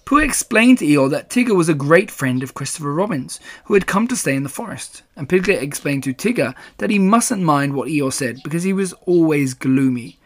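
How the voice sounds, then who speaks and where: A man reading a children's storybook aloud in a measured, gentle way. His voice sits slightly high for a man. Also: animated. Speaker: narrator.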